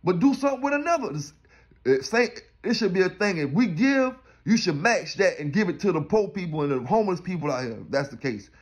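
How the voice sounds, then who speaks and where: A man's voice: a little high, expressive, fairly quick, slightly rough. A man from South Carolina, rambling and preaching in streetwise slang in a casual vlog. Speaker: dog kennel owner.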